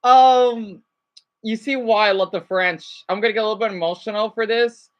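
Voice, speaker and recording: A woman live-streaming, chatting casually to her viewers in a rambling, excitable way, full of fillers. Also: mid-range voice, normal speed, dull audio.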